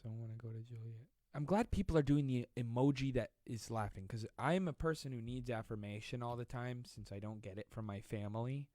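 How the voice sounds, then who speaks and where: A man hosts a casual live stream from his home, and his talk is joking and self-mocking. He rambles from one story to the next and reads out viewer comments. He is close on a dry-sounding mic, with pitch in an ordinary middle register. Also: a little fast, few pauses, dark tone, no echo. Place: at home during quarantine. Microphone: close desk mic.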